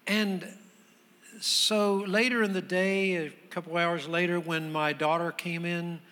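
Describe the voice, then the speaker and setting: A man preaching as a guest pastor, telling a story in a conversational way that builds into loud, emphatic preaching. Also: high-pitched, little pitch movement, unhurried, big-room sound. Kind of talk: sermon storytelling.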